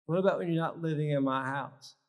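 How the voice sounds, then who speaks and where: A man with a slightly high voice leads a live workshop, driving his points home in short, punchy phrases. His voice rings with the long reverb of a large church hall. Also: brisk. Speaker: speaker at a health symposium.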